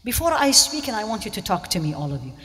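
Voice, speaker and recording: A woman's voice: medium pitch, big pitch swings, fast, a bit bright. A woman giving an interactive religious lecture, often asking questions of her listeners. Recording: long hall reverb.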